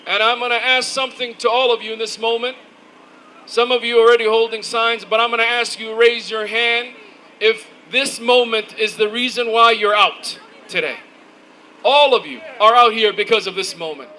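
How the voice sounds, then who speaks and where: A man giving an impassioned, shouted rally speech outdoors, rousing the crowd with call-and-response. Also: extremely high pitch, fairly even intonation, moderate pace, a little hiss or hum, poor audio. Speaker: rally speaker.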